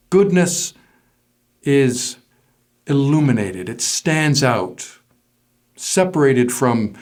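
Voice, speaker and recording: A man of middle pitch preaching a sermon to his congregation. He speaks in a measured, deliberate way and pauses to stress key words one at a time. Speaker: pastor.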